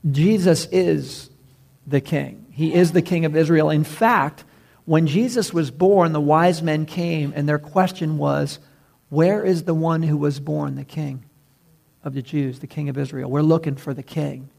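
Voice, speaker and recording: A man preaching from the pulpit in a slightly higher-than-usual voice, with a noticeable gravelly fry. He is emphatic, and his voice sinks low and soft whenever he lands a key word. The delivery is steady and earnest. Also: measured pace. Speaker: pastor. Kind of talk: sermon.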